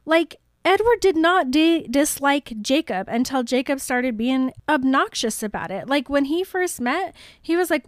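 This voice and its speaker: High-voiced giggly woman ranting. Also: a little slow, hardly any pauses, no room sound, studio quality. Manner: giggly, emphatic opinions. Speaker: co-host. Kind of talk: casual book chat podcast.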